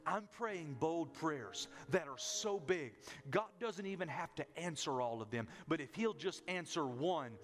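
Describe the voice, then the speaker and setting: High-voiced preaching man. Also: animated, a little slow, a bit bright, soft background music. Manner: preaching with rising and falling intensity, repetitive cadences. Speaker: pastor. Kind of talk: sermon.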